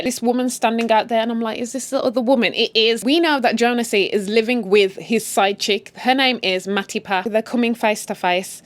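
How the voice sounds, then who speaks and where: A British woman from the UK casually retelling a drama series, chatty and blunt, slipping into quotes and swearing. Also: on the high side. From United Kingdom. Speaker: series recap host.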